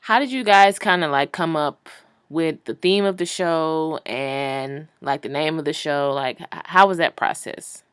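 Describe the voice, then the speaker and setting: Low-voiced woman podcast host. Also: unhurried, a bit bright, clean tone, no echo, studio quality. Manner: curious, encouraging questions. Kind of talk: casual interview.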